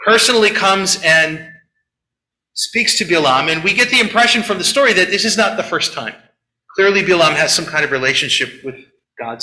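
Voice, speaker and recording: Male rabbi giving a sermon, bright and tense tone, roomy echo. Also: high-pitched. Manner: animated storyteller, acts out quotes, chatty asides. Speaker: rabbi leading a Shabbat service. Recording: echoey room.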